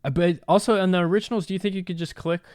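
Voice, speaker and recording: A man co-hosts a casual podcast about retro games in a smooth, clear voice. He is playful and quick to exaggerate, recorded close in a dry room. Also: high-pitched, fairly even intonation, darkish tone, no room sound. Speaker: podcast co-host.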